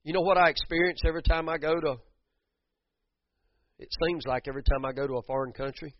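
A man preaching with rising, emphatic bursts, stumbling over repeated words as he pushes on. His voice sits a little high for a man. The recording is dull and muffled, with a dry, close sound. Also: quick pace, no echo. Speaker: pastor. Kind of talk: sermon.

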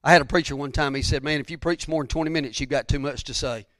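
Folksy preacher man, high voice. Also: steady tone, quick pace, fairly bright tone, no room sound, studio quality. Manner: folksy, rambling with repeated phrases and asides. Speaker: pastor. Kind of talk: sermon. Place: church sanctuary.

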